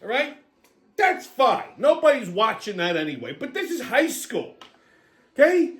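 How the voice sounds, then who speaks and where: Swearing constantly, a 70-something show host from New England tells stories and rails against the news in a loud, animated, high-pitched voice. He keeps a measured pace, and the audio is reverberant.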